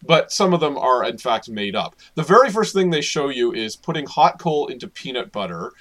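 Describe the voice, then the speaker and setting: A man's voice: mid-range voice, big pitch swings, fairly quick, a bit bright. A man co-hosting a casual podcast chat, laughing often and talking animatedly. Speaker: podcast co-host.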